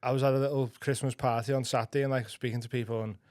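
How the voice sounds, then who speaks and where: Fast-talking teasing man, dry mic. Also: mid-range voice, steady tone, darkish tone, no room sound. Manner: quick, teasing, swears casually. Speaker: podcast co-host. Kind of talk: casual banter.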